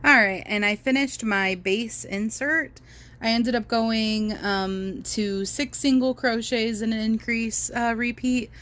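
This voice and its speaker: A woman's voice: on the high side, fairly even intonation, takes it slowly, fairly bright tone. A young woman chatting casually as she walks through a crochet project at home, with lots of fillers and self-corrections. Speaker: crochet vlogger. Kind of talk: casual how-to chat while crocheting.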